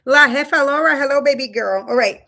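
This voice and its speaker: A woman's voice: sits high, a little fast, vocal fry, pushed and bright. A woman in her thirties or forties hosting a casual live stream from home on a webcam, chatty and loose, often calling her viewers "you guys.". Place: home room.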